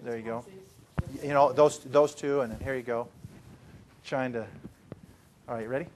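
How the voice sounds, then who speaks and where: A man leading a presentation-skills training session, telling a story to a group with animated swings from hushed to loud. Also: medium pitch, moderate pace, slight background noise.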